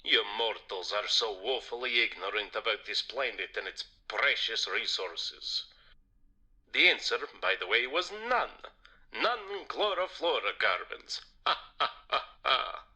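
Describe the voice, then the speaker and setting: A man's voice: lowish voice, animated, measured pace, bright, forceful tone, husky, exaggerated voice. An actor voicing a smug male vampire who lectures about the environment in a theatrical manner. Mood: lecturing. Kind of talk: video game voice acting.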